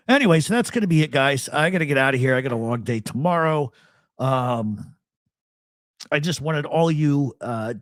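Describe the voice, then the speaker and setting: A man's voice: mid-range voice, dry recording, studio quality. A man hosting a live talk show, telling stories in casual chat and acting out the voices of people he quotes. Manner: animated storyteller, acts out quoted voices.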